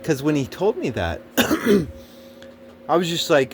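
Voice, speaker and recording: Recounting something that happened to him, a man speaks at a measured pace in a fairly high, very animated voice, with a little hiss or hum in the recording. The casual monologue wanders, and he curses often while tripping over fillers and restarts.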